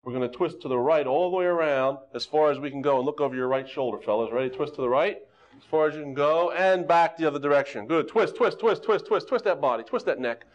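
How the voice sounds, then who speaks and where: Joking karate instructor on a dull, lo-fi recording. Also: male voice, fairly high pitch, quick pace. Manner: jokey, teasing coach calling out exercises. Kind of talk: leading a warm-up on a local TV show. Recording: dull lo-fi TV studio sound.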